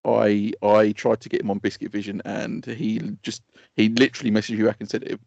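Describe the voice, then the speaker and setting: An Essex man rambles through a casual podcast story in a gravelly, husky voice. He swears freely and laughs at his own tales. The audio is dry and a little dull. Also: fairly low pitch, little pitch movement, brisk, a little mellow, no echo. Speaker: podcast co-host.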